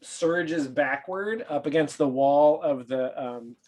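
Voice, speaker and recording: A man's voice: fairly high pitch, slow. Hesitant man running a tabletop game. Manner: hesitant, many fillers, relaxed narration. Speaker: game master.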